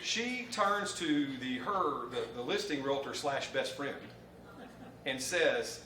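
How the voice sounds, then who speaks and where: A man in his fifties from Alabama with a Southern American accent, a mortgage lender giving a folksy, animated training talk to a live audience. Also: mid-range voice, takes it slowly, slight background noise. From Alabama, USA. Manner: folksy, animated storyteller, laughing often. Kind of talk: live training presentation with anecdote. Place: conference room with live audience. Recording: roomy hall, distant mic, ambience.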